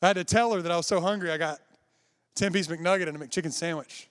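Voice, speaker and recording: A man's voice: a little high, fast talker, fairly bright tone. A man preaching a sermon, telling a personal story in a conversational way and speaking directly to the congregation. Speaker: pastor.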